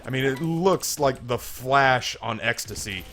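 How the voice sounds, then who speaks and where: A man's voice: mid-range voice, lively intonation, unhurried, a bit bright, slight background noise. A man casually commenting on a video game and telling a long joke, with frequent stammered restarts.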